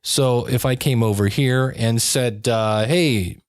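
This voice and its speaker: A podcast host demos gear in a chatty, wry, upbeat way. His voice is medium-pitched, steady, clear and resonant, and he talks a little slowly. The recording is dry and studio quality.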